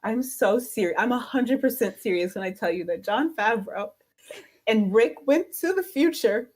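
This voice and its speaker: A woman's voice: fairly high pitch, lively intonation, normal speed, darkish tone. A woman co-hosting a fan stream over a video call, gushing emotionally and laughing often. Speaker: podcast co-host. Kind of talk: excited fan stream chat.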